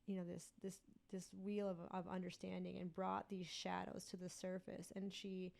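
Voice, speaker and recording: A woman's voice: fairly low pitch, little pitch movement, normal speed, creaky, a little mellow. A woman guest on a podcast, earnestly telling a personal story in a rambling way with many fillers.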